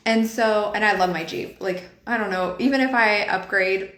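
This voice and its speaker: A woman's voice: mid-range voice, moderate pace, few pauses, a bit bright, reverberant. A woman in her thirties hosting a spiritual coaching podcast, talking casually and earnestly with a lot of "like" and light laughter. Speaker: podcast host.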